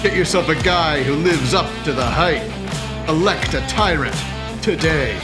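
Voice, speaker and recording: Casting: a man as a pushy ad announcer, fairly high voice, over guitar music. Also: unhurried, close to an everyday voice. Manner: punchy sales pitch. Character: male political ad announcer, mocking and pushy.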